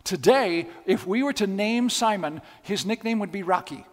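A man's voice: sits high, expressive, normal speed. A man preaching a sermon, telling stories with emphatic, repeated phrases. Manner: storytelling, emphatic and repetitive. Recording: long hall reverb.

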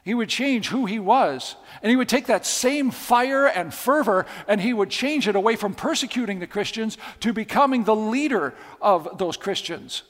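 A man's voice: high-pitched, animated, moderate pace, hardly any pauses, fairly bright tone. A man preaching a sermon, telling stories with emphatic, repeated phrases. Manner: storytelling, emphatic and repetitive. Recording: long hall reverb.

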